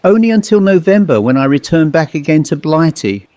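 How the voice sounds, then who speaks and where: A man doing a jolly old English gentleman. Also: a little high, big pitch swings, brisk, dry recording, pitched above the performer's own voice. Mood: jovial. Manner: hearty, old-fashioned, chummy. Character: jolly elderly English gentleman, upper-class.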